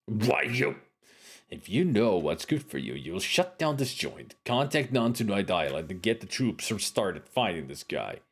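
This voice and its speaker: Man reading a dorky hapless guy, indignant, blustering, lively ups and downs, adventure game dialogue. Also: lowish voice, measured pace, vocal fry, slightly rough, heavily acted.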